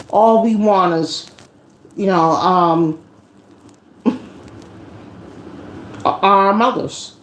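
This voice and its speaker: A woman losing her voice, livestreaming a casual personal talk in a slow, confiding way with preachy asides. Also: mid-range voice, slight background noise. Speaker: livestream host.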